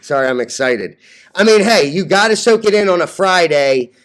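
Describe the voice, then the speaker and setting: A young man talks in a cocky, brash vlog rant about trading. His voice sits high for a man. He jokes loosely and laughs at his own lines. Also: animated, normal speed, fairly bright tone. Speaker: stock vlogger.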